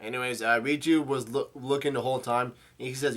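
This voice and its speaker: A man host reads through a comic chapter in a casual, halting way. He trips over names and adds his own asides, and his voice is bright and forceful. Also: medium pitch, fairly even intonation. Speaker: manga reader and channel host.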